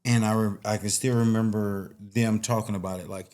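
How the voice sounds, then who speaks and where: Low-voiced man in laid-back chat. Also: steady tone, moderate pace, a little mellow. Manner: laid-back, swears, laughs often, acts out voices. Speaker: podcast guest. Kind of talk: casual storytelling chat.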